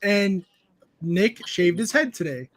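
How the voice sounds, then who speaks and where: A man hosting a casual group chat on a stream, an animated storyteller who laughs often and swears freely. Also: sits high, takes it slowly, slight background noise. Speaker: stream host.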